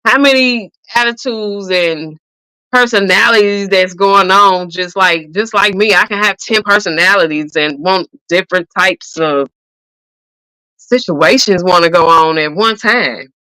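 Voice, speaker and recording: A woman co-hosting a casual chat, animated and laughing often. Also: mid-range voice, a little slow, clean tone, no room sound, poor audio. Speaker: podcast co-host.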